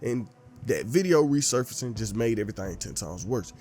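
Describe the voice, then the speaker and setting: A man's voice: medium pitch, animated, fairly quick, a little mellow, soft background music. Slangy male commentary narrator. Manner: laid-back slangy storytelling. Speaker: commentary channel host.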